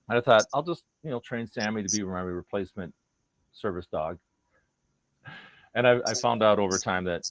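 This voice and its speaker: A man telling personal stories about his dogs in a casual, earnest chat, acting out their thoughts in quoted voices. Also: on the low side. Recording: dull lo-fi recording.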